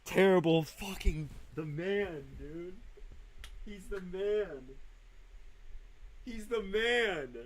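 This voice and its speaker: A man's voice: high-pitched, drawn-out words, long pauses. A man hosting live storm coverage, talking emotionally with heavy swearing and repeated phrases. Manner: emotional, profane, repeats himself. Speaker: live stream host.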